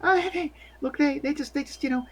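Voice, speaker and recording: A shaky young woman volunteer stutters through every sentence, as a game master puts her on, her voice pushed high and thin. She keeps repeating herself and trailing off. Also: racing, noisy background, lightly acted. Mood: jittery. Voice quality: stammering, shaky. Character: nervous young female militarized volunteer.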